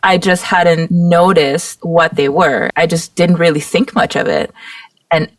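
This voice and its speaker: A woman's voice: lowish voice, a little slow, no echo. A woman recalling a past experience in a reflective way during casual conversation. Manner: reflective recollection. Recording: distant from the mic.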